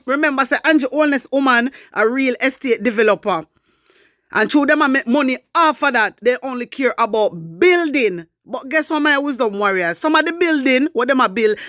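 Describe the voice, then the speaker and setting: A woman's voice: high-pitched, fairly bright tone, dry recording, clean studio sound. A woman with a Jamaican accent delivering an angry, preachy political rant, mixing Patois into her talk. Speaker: political commentator.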